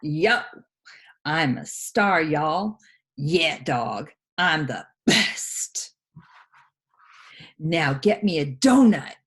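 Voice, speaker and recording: Woman doing a loud, bragging pug dog. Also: sits low, expressive, heavily acted. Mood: cocky rapping. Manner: loud, drawn-out bragging shouts. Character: boastful show-off male pug dog.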